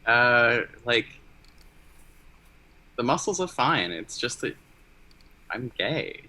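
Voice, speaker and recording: Husky, bright-toned man playing a tabletop game. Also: medium pitch, very animated, slow. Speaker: player. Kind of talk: casual tabletop play.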